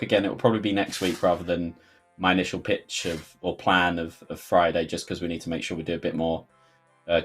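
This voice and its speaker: A man with a London accent hosting a livestream Q&A, chatty and rambling, full of fillers and sudden jokey outbursts. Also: sits low. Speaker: game developer host. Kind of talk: livestream Q&A chat.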